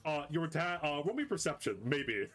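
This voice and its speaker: A man's voice: fairly high pitch, very animated, normal speed, fairly bright tone, soft background music. A man narrating a tabletop game as game master in a casual, rambling way with many fillers.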